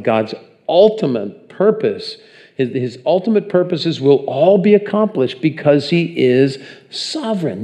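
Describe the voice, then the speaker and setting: A man's voice: a little high, a little mellow. A man preaching a sermon in a conversational way, often putting questions to the congregation. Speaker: pastor.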